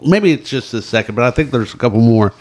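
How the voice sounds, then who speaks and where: A man's voice: medium pitch, lively intonation, quick pace. A man co-hosting a casual movie podcast, rambling through anecdotes with many fillers. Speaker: podcast co-host.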